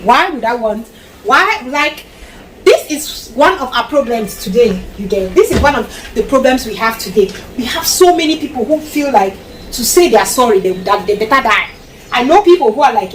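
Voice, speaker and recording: A woman's voice: on the high side, lively intonation, moderate pace, echoey room, background noise. A Cameroonian woman vlogging casual parenting advice to camera, emphatic and repetitive, slipping into Pidgin phrases. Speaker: mom vlogger. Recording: distant mic with loud background ambience.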